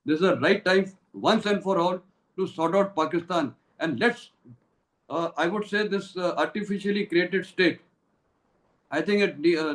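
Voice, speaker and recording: An older man with an Indian English accent speaks with a fairly high voice in an interview. He talks emphatically, like the retired general he is, with lots of "uh" fillers and quick slips into Hindi. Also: low-quality recording. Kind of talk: impassioned interview answers.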